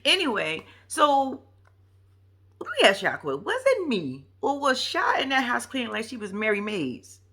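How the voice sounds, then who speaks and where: A woman vlogger talking straight to her viewers in loose, slangy reaction commentary. Her voice sits a bit high and swings up and down a lot, with a sharp, bright edge. She's playful and profane. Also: normal speed. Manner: chatty and animated, addresses viewers directly with slang; profane and playful, laughs often. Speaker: YouTube vlogger reviewing a reality show. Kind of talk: casual reaction vlog commentary.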